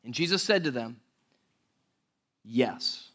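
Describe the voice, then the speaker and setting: A man preaching a sermon as pastor, conversational and animated, often checking in with the audience. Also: high voice, measured pace, pauses often.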